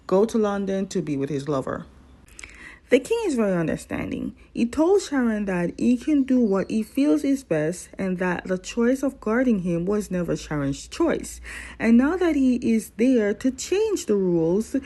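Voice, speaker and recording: A woman's voice: mid-range voice, mellow. A woman recapping a drama episode in a chatty, playful way, talking straight to her viewers.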